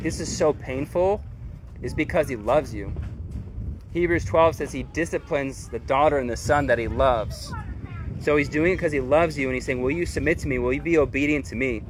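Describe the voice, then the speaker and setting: A man's voice: fairly high pitch, slight background noise. A man preaching a sermon as pastor, earnest and conversational, with casual slang.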